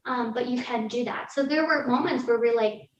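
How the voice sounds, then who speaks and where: A woman's voice: fairly high pitch, a little fast, slight background noise. A woman guest on a podcast telling a personal story in a candid, casual way, peppered with "like" and the odd laugh. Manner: candid, lots of "like", laughs through hard moments. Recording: roomy, distant, dull sound with faint ambience.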